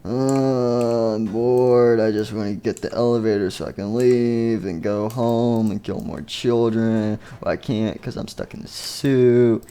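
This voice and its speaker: A man voicing Springtrap, a bored, sinister male rabbit animatronic, drawling in a mellow voice. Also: mid-range voice, fairly even intonation, a little slow, few pauses, clean tone, natural voice.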